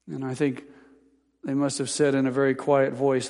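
A man preaching a sermon as pastor, building from calm teaching to emphatic, impassioned peaks. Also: medium pitch, moderate pace, creaky, big-room sound.

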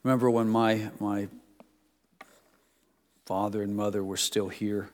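A man's voice: on the low side, little pitch movement, a little slow, a little mellow. Preaching man in a reverberant hall. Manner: conversational preaching, folksy anecdotes. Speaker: pastor. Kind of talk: sermon. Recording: long reverb of a church hall.

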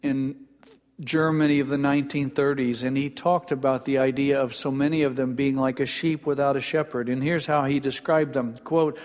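A middle-aged man preaches a sermon with a mid-range voice. He tells stories earnestly, dropping to a hush and then rising to emphasis. A long hall reverb trails his words. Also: medium pitch, level tone, moderate pace. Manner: storytelling, earnest, shifting between quiet and emphatic. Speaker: pastor.

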